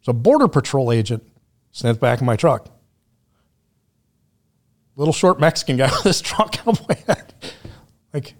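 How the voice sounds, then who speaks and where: A man's voice: on the high side, very animated, unhurried, pauses often. Blunt, profane man telling stories. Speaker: podcast guest. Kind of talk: casual conversation.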